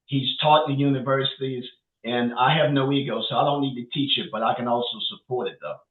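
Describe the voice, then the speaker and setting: A man's voice: mid-range voice, fairly quick. A man with a New Orleans accent answering questions in a live webinar in a matter-of-fact way. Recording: distant tinny call audio in echoey room.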